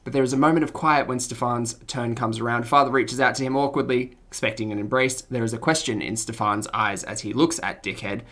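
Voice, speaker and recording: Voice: mid-range voice, fairly even intonation, a little fast, few pauses, a bit bright. A streamer reading game text aloud and commenting, giggly and self-mocking while trying out character voices. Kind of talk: let's-play commentary and narration.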